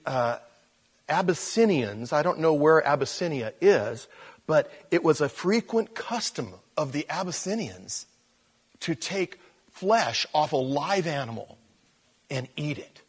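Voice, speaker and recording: A man's voice: fairly high pitch, expressive, unhurried, husky. A male pastor giving a conversational Bible teaching, folksy and rambling, often correcting himself as he goes.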